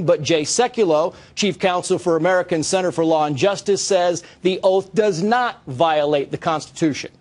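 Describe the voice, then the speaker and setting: A man reading a scripted news report in a measured delivery. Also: high-pitched, a little mellow. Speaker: news correspondent.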